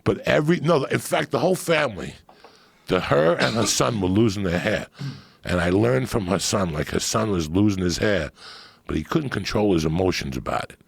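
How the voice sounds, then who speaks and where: Gravelly, deep-voiced man telling stories. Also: moderate pace, dry recording. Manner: profane, animated storyteller. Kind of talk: casual storytelling chat.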